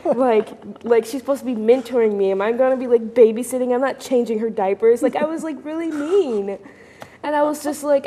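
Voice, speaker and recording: A young woman tells a personal story on a panel, her voice soft and mellow. She is animated and acts out the lines of the people in her tale. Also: fairly high pitch, a little fast. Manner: animated, acts out quoted voices, laughs often. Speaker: mentee guest.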